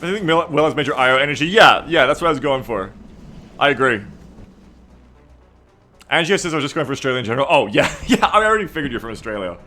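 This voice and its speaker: A man's voice: mid-range voice, expressive, fast talker, long pauses, bright, forceful tone, soft background music. A man streaming a strategy game, chatting casually with viewers and reading their messages aloud in a playful, teasing way, laughing often.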